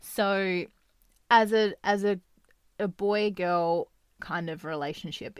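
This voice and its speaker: A young adult woman hosting a casual solo podcast, talking in a chatty, animated way, acting out quoted dialogue and laughing often. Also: fairly low pitch, no room sound. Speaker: podcast host.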